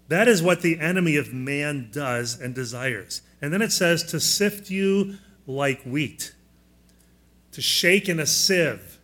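A male pastor preaching a sermon in a slightly raised, clear voice. He is plainspoken and teacherly, steadily asking his listeners questions. He walks them through the blanks in their sermon notes. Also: fairly high pitch, animated, slow pace, fairly bright tone. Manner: plainspoken, asks the congregation frequent questions.

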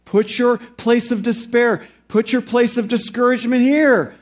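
A male pastor preaching a sermon. He slows and rises in emphasis on key phrases and drops low and quiet for reflective points. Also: steady tone.

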